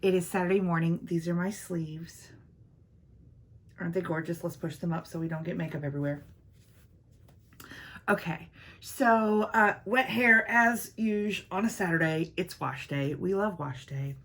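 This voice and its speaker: A beauty vlogger hosts a casual get-ready-with-me video, chatting in a friendly, rambling way straight to her viewers. She records on an iPhone camera in her makeup room at home. Her voice sits on the low side, a bit bright, at a moderate pace.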